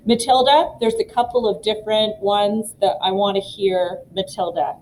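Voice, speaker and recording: A woman's voice: mid-range voice, fairly even intonation, moderate pace, darkish tone, a little hiss or hum, low-quality recording. A woman drama teacher talking students through audition pieces in a casual, rambling way, with many fillers and restarts.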